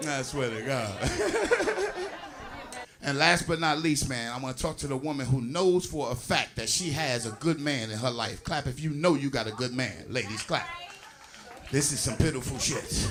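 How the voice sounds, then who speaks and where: A man doing a loud, crude stand-up routine on a live comedy stage, laughing through his punchlines. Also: medium pitch, big pitch swings, measured pace, over music.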